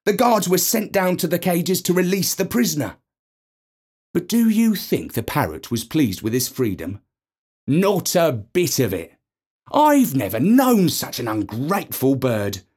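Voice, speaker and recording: A man narrating a storybook in an expressive, playful reading. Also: mid-range voice, slightly rough.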